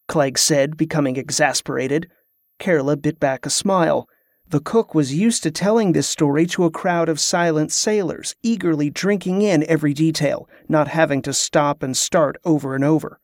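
A man reading an audiobook in steady scripted narration. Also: fairly high pitch, moderate pace, no echo, clean studio sound.

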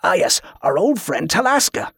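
Man voicing a gruff ship's cook, boastful, impatient, dry close sound. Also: sits high, very animated, normal speed, a bit bright, no room sound, exaggerated voice.

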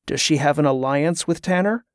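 A man's voice: fairly high pitch, moderate pace, dry recording, natural voice. Voiced by an audiobook reader, a guarded young man who keeps his answers short and curt. The voice stays close to the reader's own, recorded dry and close.

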